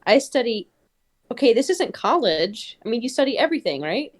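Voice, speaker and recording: Lively woman reading a story aloud. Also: fairly high pitch, brisk. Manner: chatty, comments on the text while reading. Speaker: reader and co-host.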